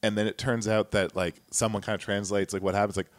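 A man's voice: lowish voice, level tone, quick pace, few pauses, no room sound. A man co-hosting a podcast who tells stories in a rambling, casual way. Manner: rambling, lots of restarts. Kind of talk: casual chat, storytelling.

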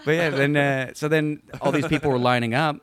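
A young man telling rambling anecdotes as a guest in a casual chat, quick to laugh. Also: fairly high pitch, steady tone, a crowd in the background. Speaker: guest storyteller.

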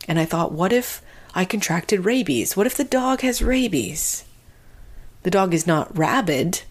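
A young adult woman from Canada, a podcast host telling a funny personal story in an animated, self-mocking way. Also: low voice. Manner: animated, self-mocking, acts out both sides of the talk.

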